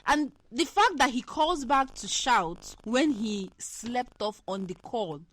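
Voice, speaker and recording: High lively woman ranting. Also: takes it slowly, a little hiss or hum. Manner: animated, teasing rants with repeated words. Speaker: podcast host. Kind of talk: casual chat.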